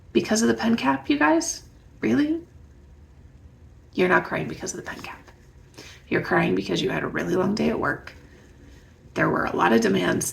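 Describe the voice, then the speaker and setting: Gravelly-voiced woman giving parenting advice. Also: medium pitch, a little hiss or hum. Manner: warm, conversational, asks the listener reflective questions. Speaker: parenting educator. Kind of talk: direct-to-camera advice talk.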